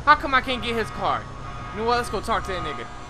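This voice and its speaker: A man giving live gameplay commentary, loud, profane and excitable as he yells at the game. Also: high-pitched, fast talker, over loud music. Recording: game traffic noise and crowd sounds behind voice. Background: game street traffic and crowd chatter.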